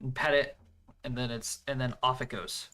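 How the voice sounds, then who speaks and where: A man's voice: mid-range voice, fairly even intonation, moderate pace, sharp tone, faint music behind. A man narrating as game master in a tabletop role-playing game, describing scenes loosely with many fillers.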